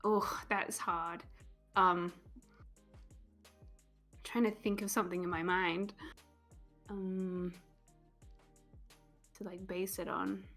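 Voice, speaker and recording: A woman's voice: lowish voice, level tone, slow pace, long pauses, fairly bright tone, soft background music. A woman co-hosting a stream, teasing playfully and reading out viewers' comments. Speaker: co-host reading chat. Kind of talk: casual live-stream chat.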